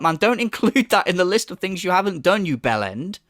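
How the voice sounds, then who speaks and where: A man's voice: high-pitched, lively intonation, a little fast, hardly any pauses, fairly bright tone, no room sound, clean studio sound. A man hosting a reaction commentary, mocking and exasperated, swearing often as he rants. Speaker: commentary host.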